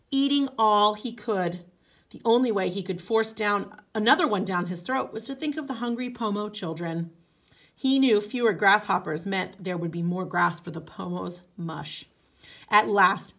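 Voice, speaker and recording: A woman teacher reading a folk tale aloud, expressive, with casual asides. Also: medium pitch. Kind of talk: storybook read-aloud.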